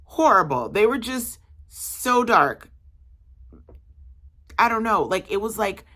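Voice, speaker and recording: A young adult woman telling a casual, animated story about her day as a market vendor, with frequent fillers. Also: mid-range voice, takes it slowly.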